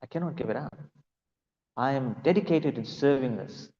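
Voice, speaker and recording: A man's voice: medium pitch, normal speed, warm tone, big-room sound, highs cut off, close to an everyday voice. A man doing a humble devoted goat. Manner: humble, earnest pleading. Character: small tired devoted female goat.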